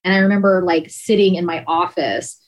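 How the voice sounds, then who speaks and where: A woman's voice: fairly low pitch, brisk, low-quality recording. A woman who works as an emergency dispatcher, candidly and emotionally telling her story in an interview, with many "like" fillers.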